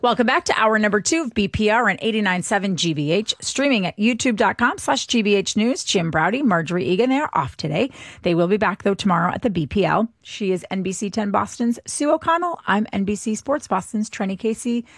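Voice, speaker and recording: A woman's voice: medium pitch, animated, brisk, no echo, clean studio sound. A woman co-hosting a radio talk show, chatty and self-deprecating in casual banter. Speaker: radio co-host.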